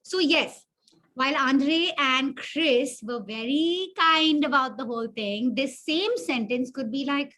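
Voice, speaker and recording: A woman's voice: high voice, slow, pushed and bright. A woman mentor teaching an interactive online workshop, chatty and self-deprecating, often putting questions to the audience. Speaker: webinar mentor.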